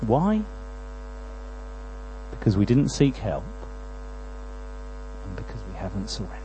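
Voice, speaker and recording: A man preaching a sermon, moving between quiet prayerful lines and loud, pleading passages. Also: fairly low pitch, sing-song, measured pace, background noise.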